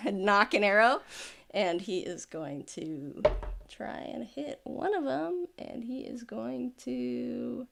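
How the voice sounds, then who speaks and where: A woman narrating as game master in a casual tabletop game, relaxed and chatty with many fillers. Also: mid-range voice, vocal fry.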